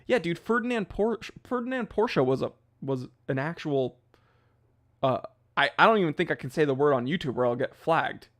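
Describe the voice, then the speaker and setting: A man's voice: a little high, lively intonation, normal speed, a bit bright. A man hosting a casual livestream, chatting loosely and rambling, with laughs at his own jokes. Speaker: livestream host.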